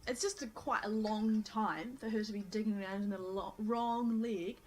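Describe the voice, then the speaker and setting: A woman's voice: medium pitch, fairly even intonation, normal speed, a little mellow. A young woman guesting on a podcast, chatting casually with dry, laid-back remarks. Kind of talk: casual chat.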